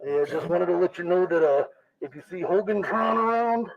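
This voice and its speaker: A man's voice: sits high, lively intonation, normal speed, creaky. A man answering as a convention guest, playful and joking about wrestling. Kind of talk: casual interview answers. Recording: dull lo-fi sound.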